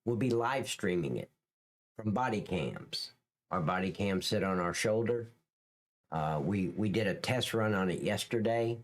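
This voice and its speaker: A man's voice: fairly low pitch, animated, measured pace. A middle-aged man hosting a live stream, chatting casually with viewers in a joking, crude, rambling way. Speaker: livestream host.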